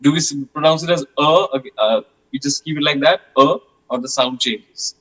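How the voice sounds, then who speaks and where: A man's voice: on the high side, normal speed, a bit bright, rough recording. A man teaching a French class, patiently repeating questions and sounds with many hesitations.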